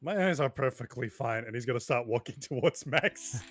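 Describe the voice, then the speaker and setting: A man playing a tabletop role-playing game, slowly describing his character's clumsy actions and laughing often. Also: mid-range voice, expressive. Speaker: player. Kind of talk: casual tabletop game play.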